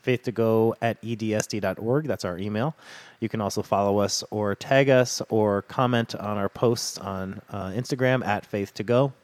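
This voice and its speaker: A man's voice: lowish voice, normal speed, dry recording. A man co-hosting a casual church podcast, chatty and easygoing, with lots of fillers. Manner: relaxed, chatty, many fillers and murmured agreement. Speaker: podcast co-host.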